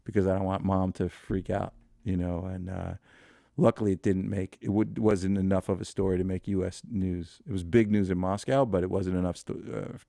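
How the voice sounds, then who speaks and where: A man's voice: low voice, level tone, moderate pace, creaky, warm tone, no room sound, clean studio sound. A man in his fifties, a podcast guest, telling a long anecdote in a rambling way, full of fillers and restarts. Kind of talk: storytelling in a podcast interview.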